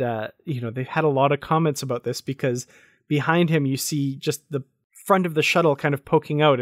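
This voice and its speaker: A man co-hosting a podcast, talking in a relaxed, thoughtful way and laughing easily. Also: a little high, no room sound, studio quality. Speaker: podcast co-host. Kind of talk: casual review chat.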